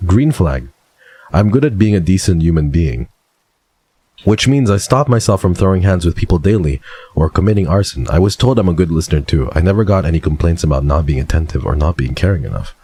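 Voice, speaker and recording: Deep, husky male streamer. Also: animated, a little fast, mellow. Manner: playful, dramatic, swears casually. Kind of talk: casual chat, reading viewer submissions.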